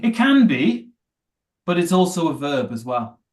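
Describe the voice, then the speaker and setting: A man with a fairly high voice leads an English vocabulary class. He quizzes his students and encourages their answers. His manner is that of a teacher at work. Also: sing-song, measured pace. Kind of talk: live online class.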